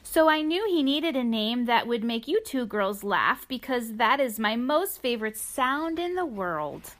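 A woman's voice: a little high, very animated, unhurried, a bit bright. A woman reading aloud as a kind old farmer speaking fondly to his granddaughters in a children's storybook.

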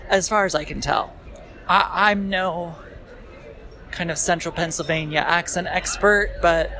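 A podcast host with a voice on the high side walks along a busy city street, holding his phone as he talks in an unhurried, rambling monologue. He keeps circling back with fillers and self-deprecating asides, while clear street noise runs underneath.

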